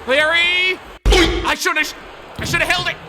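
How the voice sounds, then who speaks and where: A man hosting a gaming video, giving excitable live commentary on his own play and shouting and groaning at the game. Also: very high voice, normal speed, background noise. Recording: loud game music behind the voice.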